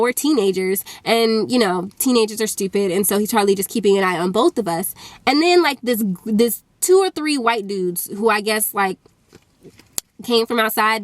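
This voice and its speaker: An animated young woman recounts a personal story, talking casually with lots of fillers. Her voice sits a little high for a woman. The sound is close and dry, with no room around it. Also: normal speed, dry recording. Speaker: YouTuber. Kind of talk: storytime vlog.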